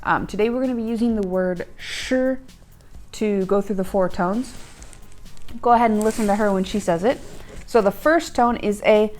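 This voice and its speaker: With faint music behind her, a woman with a medium-pitched, slightly mellow voice talks at a moderate pace. She hosts a language lesson as a learner herself, peppering her casual explanations with fillers and checking her notes.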